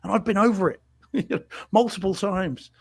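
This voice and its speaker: A man's voice: high-pitched, normal speed, vocal fry, husky. A man co-hosting a home theater show, chatting casually about a film with lots of fillers and restarts. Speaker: podcast co-host reviewing films. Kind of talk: casual chat.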